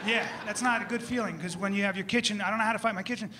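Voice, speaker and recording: A man performing a stand-up set on a comedy club stage, telling animated stories and acting out scenes in different voices. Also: sits high, rapid-fire, very noisy. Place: comedy club stage before a live audience. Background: audience laughter.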